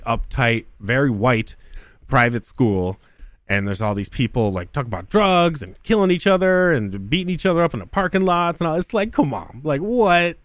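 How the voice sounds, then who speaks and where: A man's voice: medium pitch, no echo. Profane ranting man, dry close sound. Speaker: podcast host. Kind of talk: crude casual podcast chat.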